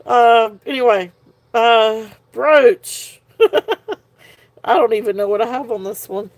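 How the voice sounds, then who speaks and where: A woman's voice: fairly high pitch, steady tone, slow. Giggly, tired woman hosting a live sale. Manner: giggly, laughs often while talking. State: tired and punch drunk. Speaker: live jewelry sale host. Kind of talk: casual live-stream chat.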